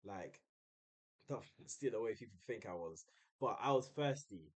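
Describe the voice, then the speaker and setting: Young guy, streamer, relaxed slangy storyteller. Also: normal speed, husky. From United Kingdom. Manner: chatty, uses slang, mimics others in a high voice. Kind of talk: casual storytelling.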